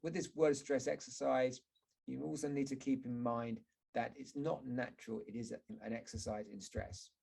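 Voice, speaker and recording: A man with a gravelly, slightly husky voice explains word stress as an English teacher. He talks in a measured, step-by-step way, pausing to model example words. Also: medium pitch, fairly even intonation, a little mellow. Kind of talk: explanatory teaching talk over slides.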